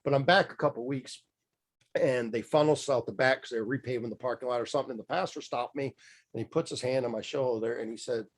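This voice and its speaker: This podcast guest is a middle-aged mindset coach speaking at medium pitch and a quick pace. He tells his story candidly in a casual interview, rambling along with lots of fillers and restarts.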